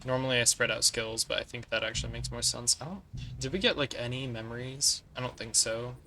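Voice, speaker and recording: Gravelly-voiced man streaming a strategy game. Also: mid-range voice, steady tone, fairly quick, sharp tone, slight background noise. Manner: analytical, talks through tactics while playing; chats with viewers between moves. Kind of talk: casual gameplay commentary.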